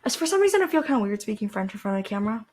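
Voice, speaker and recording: A woman's voice: medium pitch, very animated, racing, a little mellow. A teenage girl from Canada, rambling casually to camera as a podcast host, with lots of fillers and restarts. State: dry throat.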